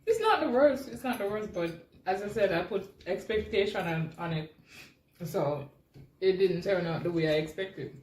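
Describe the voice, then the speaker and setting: A woman's voice: mid-range voice, animated, moderate pace, a little mellow, roomy sound, recorded from a distance, a little hiss or hum, rough recording. Giggly Jamaican woman, a bit off-mic. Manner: giggly, teasing. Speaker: vlogger. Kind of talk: casual food-tasting chat.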